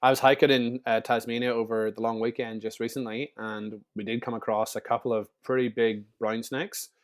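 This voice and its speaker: A man in his thirties talks quickly and loosely as an interview guest. He is chatty and keeps restarting his sentences. His pitch sits at an ordinary middle height. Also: level tone. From Northern Ireland. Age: 30s. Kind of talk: casual storytelling interview.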